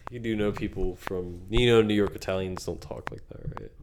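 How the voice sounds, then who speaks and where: Young male co-host, lowish voice, blunt humor, loud hiss in an echoey room. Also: fairly even intonation, fairly quick. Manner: blunt, crude joking. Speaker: podcast co-host. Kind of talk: casual chat.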